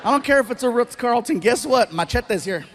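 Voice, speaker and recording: A man telling stand-up comedy stories in an animated, self-mocking way. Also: very high voice, fairly quick, heavy background noise. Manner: animated, self-mocking, acts out the voices of others.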